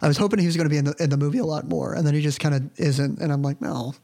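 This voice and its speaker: A man's voice: a little high, racing, gravelly, darkish tone. A man co-hosting a podcast, chatting casually and enthusiastically about movies.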